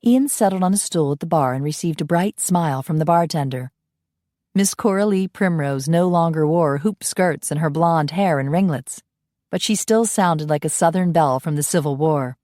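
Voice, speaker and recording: A woman narrating a romance audiobook in a steady storytelling manner. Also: deep voice, normal speed, dry recording, studio quality. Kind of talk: scripted narration.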